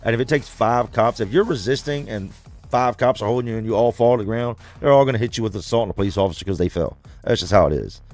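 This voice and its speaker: A man's voice: medium pitch, fast talker, darkish tone, soft background music. A man hosting a livestream, telling a story to his viewers in a blunt, profane, conversational way. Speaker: livestream host reading comments.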